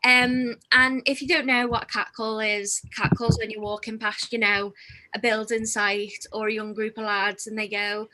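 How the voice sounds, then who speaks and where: A woman's voice: fairly high pitch, little pitch movement, normal speed, pushed and bright, rough recording. A young woman comedian doing a chatty, self-deprecating stand-up set over a video call, laughing between jokes. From England.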